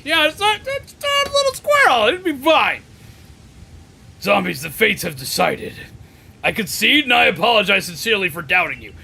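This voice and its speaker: A man streaming a video game, talking casually and breaking into animated, profane shouted rants. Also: sits high, normal speed, creaky, husky. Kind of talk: casual live-stream commentary.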